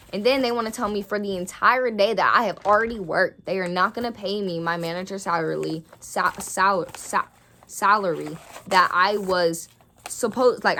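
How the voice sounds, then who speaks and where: A young woman with a slightly low voice rants to camera in a storytime vlog. She is indignant and swears constantly as she tells the story, heated and blunt throughout. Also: a bit bright, a little hiss or hum. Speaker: vlogger.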